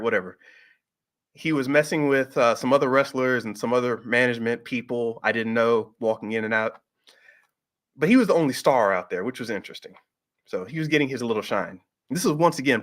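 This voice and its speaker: A middle-aged man telling a personal story in a casual, animated way, jumping up in pitch when he acts out what people said. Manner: animated, acts out quoted voices with pitch jumps. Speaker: host.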